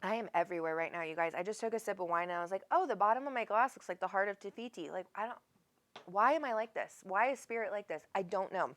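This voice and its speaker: A woman's voice: medium pitch, expressive, fast, fairly bright tone. A woman hosting a live psychic reading, talking in a rambling, affectionate way, calling the caller honey and swearing casually. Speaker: psychic medium host.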